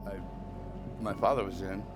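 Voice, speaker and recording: Cagey guy on the street, lowish voice, keeps dodging, music behind. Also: steady tone, moderate pace. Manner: guarded, evasive. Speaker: local interviewee. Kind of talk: street interview answer.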